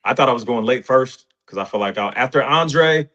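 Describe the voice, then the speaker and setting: Man, forties, lively storyteller, jumps up in pitch, slightly dull lo-fi sound. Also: brisk. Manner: animated, rises in pitch when excited, quotes others in dialogue. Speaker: interview guest. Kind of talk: casual storytelling.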